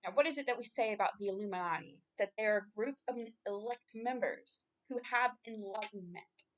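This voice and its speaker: A woman giving an informal Bible reading and sermon, earnest and growing loud and emphatic as she preaches. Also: medium pitch, brisk. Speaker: self-styled preacher.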